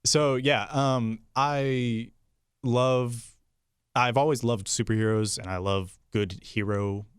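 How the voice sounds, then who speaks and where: A young man, the show's producer, chatting casually and easily, with lots of fillers and quick laughs. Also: medium pitch, steady tone, clear, resonant tone, no room sound, clean studio sound. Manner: easygoing, laughs often, many fillers. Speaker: podcast producer. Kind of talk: casual chat.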